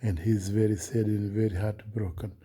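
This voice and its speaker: Guy, husky low voice, halting and earnest, stops and restarts a lot. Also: steady tone, dark tone. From Oman. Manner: hesitant, halting, many fillers and restarts; earnest, solemn. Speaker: vlogger recounting a dream. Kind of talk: unscripted personal account.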